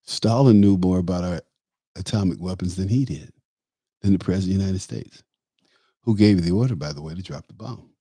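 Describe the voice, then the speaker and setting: A man's voice: deep voice, a little fast, dark tone, breathy edge, dry recording, clean studio sound. A man hosting a talk show, delivering an emphatic, opinionated political monologue that rambles with fillers. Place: Tampa area.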